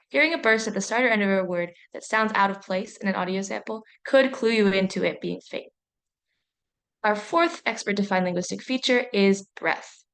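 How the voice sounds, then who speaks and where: A young adult woman from a university, reading a training presentation in a clear, measured, explanatory way. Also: mid-range voice.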